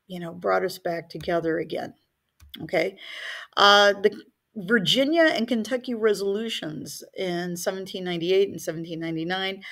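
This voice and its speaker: Middle-aged woman teacher, low-ish voice, chatty lecturing style. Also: a bit bright. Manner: conversational, lots of fillers. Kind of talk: recorded history lecture.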